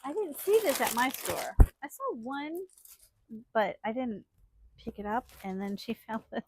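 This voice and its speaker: Woman vlog host, higher register, chatty, easily excited, quick to laugh. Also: breathy edge, no echo. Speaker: channel host. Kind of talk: casual unboxing vlog.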